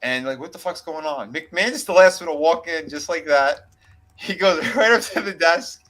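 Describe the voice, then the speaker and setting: Man, slightly high voice, chatty podcast storyteller, loose and profane. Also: moderate pace, poor audio. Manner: animated retelling with acted quotes and laughter, swearing freely. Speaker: podcast co-host. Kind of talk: casual storytelling chat.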